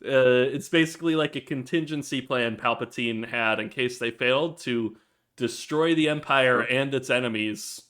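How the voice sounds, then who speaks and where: A man's voice: mid-range voice, normal speed, a bit bright. A man co-hosting a podcast in casual chat, recapping scenes, quoting characters and laughing often. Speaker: podcast co-host.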